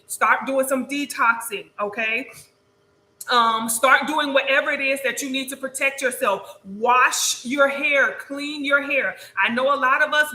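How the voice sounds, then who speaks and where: A woman's voice: sits high, bright, forceful tone, echoey room, rough recording. A woman hosting a spiritual livestream, chatting casually and often checking in with "okay?" and laughing.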